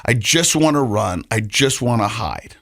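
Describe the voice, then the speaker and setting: On a podcast, this co-host shares a personal story in an earnest, halting way, often repeating himself. His medium-pitched voice is creaky and a bit bright with lively intonation, recorded dry with no room sound.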